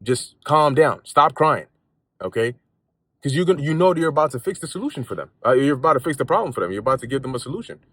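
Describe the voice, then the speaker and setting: A man's voice: medium pitch, animated, racing, hardly any pauses, breathy edge, no room sound. A man giving a casual spoken Bible lesson in a conversational, repetitive way, with street slang and frequent restarts, talking from a car while driving. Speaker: lay preacher.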